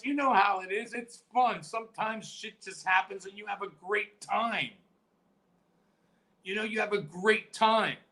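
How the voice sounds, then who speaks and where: A man's voice: sits high, low-quality recording. A middle-aged man, a retired professional wrestler, telling stories in an interview and acting out the dialogue and sound effects. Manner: animated, acts out quoted dialogue with sound effects. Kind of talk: storytelling interview.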